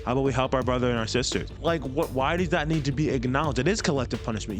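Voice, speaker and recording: Fast-talking man giving casual commentary. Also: mid-range voice, music in the background. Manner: casual, conversational, many fillers. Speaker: commentary host. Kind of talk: reaction commentary.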